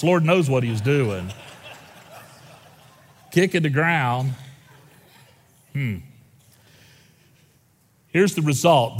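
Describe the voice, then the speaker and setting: Animated preacher man in a reverberant hall. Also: mid-range voice. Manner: animated, conversational, with dramatic slowdowns and asides to the congregation. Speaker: pastor. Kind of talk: sermon.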